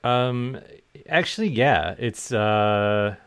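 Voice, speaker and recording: A man's voice: on the low side, drawn-out words, fairly bright tone, clear, resonant tone. A man co-hosting a podcast in casual chat, sardonic and dry, swearing freely. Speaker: podcast co-host.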